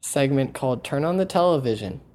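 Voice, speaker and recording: A man's voice: medium pitch, lively intonation, fairly quick, a little mellow. A man hosting a casual podcast. He rambles and rants, swears freely, and keeps the talk loose. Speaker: podcast host. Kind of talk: casual chat.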